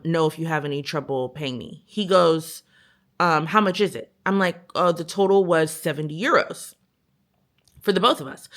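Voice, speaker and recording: A woman telling a story straight to camera in an easy, middle-pitched voice. She is animated and exasperated, and she jumps between fillers and quoted dialogue as she recounts what happened. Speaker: vlogger telling a dating story.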